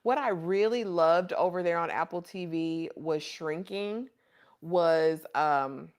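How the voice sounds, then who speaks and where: A woman with a lowish, clean-toned voice speaks slowly as she hosts a casual livestream. She reads viewer comments and chats fondly, calling people honey and baby.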